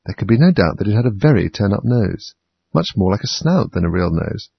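Male audiobook narrator, low and gravelly, husky; dull lo-fi dry recording. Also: very animated, brisk, no room sound. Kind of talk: storybook reading.

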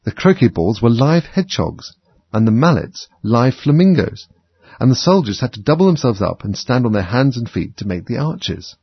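A man narrating a storybook aloud in an animated, dramatic way. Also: mid-range voice, moderate pace, husky, no echo. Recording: dull lo-fi recording.

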